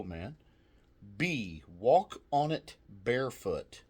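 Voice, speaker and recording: A man's voice: fairly low pitch, expressive, slow pace. A man casually reviewing snacks, reading trivia aloud with jokey asides, swearing and laughing often.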